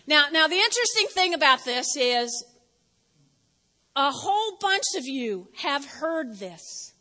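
High bright-voiced woman pastor preaching. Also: big-room sound. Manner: lively, talks straight to the congregation, acts out quotes. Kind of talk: sermon. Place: church sanctuary.

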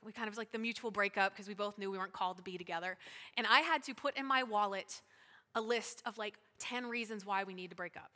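A woman pastor preaches to her church in a chatty, lively way, full of asides and quick laughs. Her voice is bright, forceful and a little high. The sound rings with the long reverb of a large hall. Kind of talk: sermon. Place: church sanctuary.

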